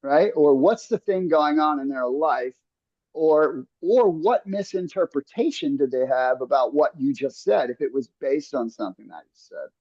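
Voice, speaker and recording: A man's voice: fairly high pitch, animated, moderate pace, a little mellow, dry recording, dull audio. Earnest man coaching in a dry room. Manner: earnest, coaching tone with frequent restarts and "right?". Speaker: podcast host. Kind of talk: casual podcast conversation.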